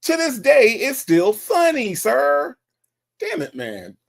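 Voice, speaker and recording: Teasing man with a lively gravelly voice. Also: very high voice, slow. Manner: teasing, repetitive, animated. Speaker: show host. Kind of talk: casual commentary on a call recording.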